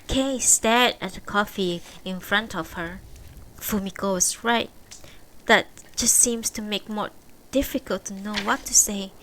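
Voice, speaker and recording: A woman streamer reading a novel aloud live, in steady plain narration with small restarts. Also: mid-range voice, slight background noise, rough recording.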